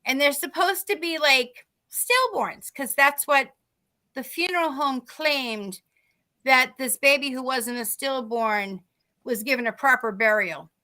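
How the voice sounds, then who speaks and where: A woman co-hosting a podcast, telling a story in a lively, chatty way and acting out the dialogue. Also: high voice, unhurried. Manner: animated, acts out quoted dialogue. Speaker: podcast co-host. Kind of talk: casual storytelling.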